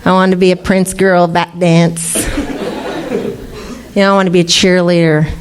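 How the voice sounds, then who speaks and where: A woman's voice: lowish voice, little pitch movement, normal speed, noisy background. A middle-aged woman speaking at a recovery meeting, candid and laughing often as she tells her story. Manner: candid, laughing, swearing freely. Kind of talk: personal recovery talk. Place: meeting room.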